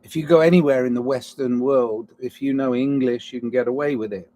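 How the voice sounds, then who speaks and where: A man's voice: medium pitch, steady tone, fairly quick, dark tone. Rambling musing man, self-interrupting. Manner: digressive, restarts mid-thought, swings between musing and heated outbursts; self-mocking apologetic asides. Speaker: solo podcaster. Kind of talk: rambling reflective monologue.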